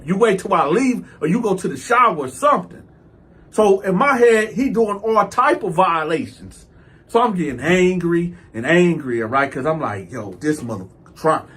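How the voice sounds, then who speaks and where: Male host telling a story, high and husky, swearing freely, swinging into loud outbursts. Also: normal speed. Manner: animated, breaks into loud outbursts when quoting himself; profane street slang. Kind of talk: casual storytelling.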